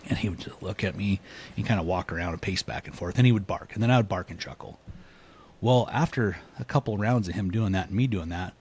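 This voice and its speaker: A man, a podcast guest, telling a story in a casual, animated way, laughing often and acting out what people said. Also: low voice, fast, a little hiss or hum. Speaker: podcast guest, elk hunter.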